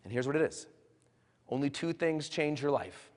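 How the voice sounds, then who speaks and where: A man giving a live motivational speech to an audience, moving from quiet storytelling to loud, bold rallying calls. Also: a little high, expressive, normal speed. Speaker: motivational speaker. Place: large hall with an audience. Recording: long hall reverb.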